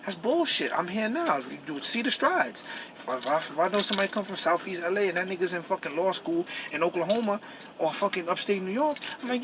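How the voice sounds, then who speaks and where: A truck driver talking straight to camera in a heated, profane rant that keeps repeating and restarting itself. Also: male voice, sits high, lively intonation, brisk, background noise. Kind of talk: angry personal rant to camera.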